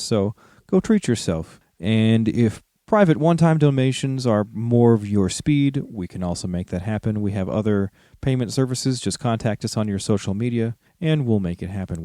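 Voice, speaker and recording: A man's voice: mid-range voice, mellow, no room sound, clean studio sound. Easygoing man thanking podcast patrons. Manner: easygoing, grateful. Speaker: podcast co-host. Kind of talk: casual podcast plug.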